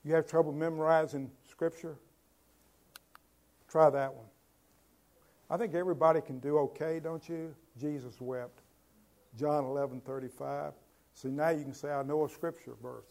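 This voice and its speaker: Mellow-voiced male pastor preaching. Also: on the high side, steady tone, normal speed, creaky, long pauses. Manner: asks the congregation rhetorical questions, swings from loud to soft. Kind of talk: sermon.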